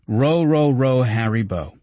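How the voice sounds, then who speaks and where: A man voicing an excitable, boyish male patient who shouts and cheers with childlike eagerness, in a husky voice. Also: medium pitch, slow, dry recording, voice pushed up. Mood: cheering.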